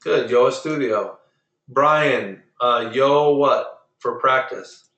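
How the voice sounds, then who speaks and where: Patient male Spanish teacher, bright voice. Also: mid-range voice, roomy sound, lo-fi sound. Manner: patient, drills pronunciation slowly. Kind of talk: online class lesson. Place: online video meeting.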